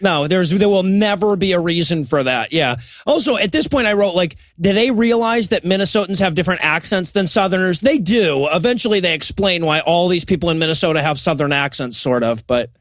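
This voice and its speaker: A man co-hosting a comedy podcast, recapping a bad movie in a deadpan, sarcastic way. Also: sits high, a little fast, few pauses, no room sound. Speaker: podcast co-host. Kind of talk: casual comedic movie riffing.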